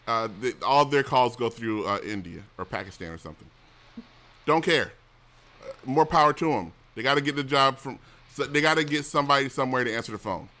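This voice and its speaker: A middle-aged man talks in a loose, rambling way, griping bluntly with plenty of swearing and false starts. His voice is bright and forceful, at a middling pitch. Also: expressive, fairly quick. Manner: blunt, complaining, profane, with restarts. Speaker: show host. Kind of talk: casual rambling chat.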